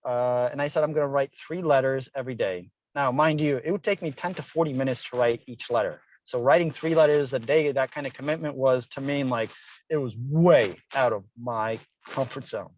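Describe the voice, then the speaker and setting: Earnest middle-aged male guest, storytelling, medium pitch, dry muffled recording. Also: moderate pace, a little mellow. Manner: earnest, personal, acts out quoted dialogue. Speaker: guest author. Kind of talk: interview storytelling. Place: Hilo, Hawaii.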